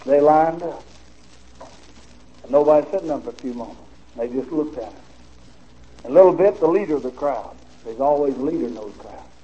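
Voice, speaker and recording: A man preaching, telling a story in a folksy, animated way on a dull, old recording with faint hiss. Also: a little high, a little fast, pauses often. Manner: folksy, animated storytelling with laughter and drawled asides. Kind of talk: storytelling sermon.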